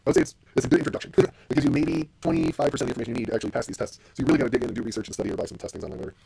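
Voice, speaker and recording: Fast-talking gravelly man ranting. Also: medium pitch, huge pitch swings, over music. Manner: profane, blunt and ranting. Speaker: podcast host. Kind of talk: casual solo podcast monologue.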